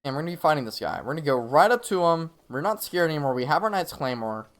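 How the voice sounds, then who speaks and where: A man's voice: on the high side, sing-song, quick pace, a bit bright. A young man streaming a game live, explaining tactics casually with frequent laughs and fillers. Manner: chatty, laughs often, many fillers. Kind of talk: live gameplay commentary and tips.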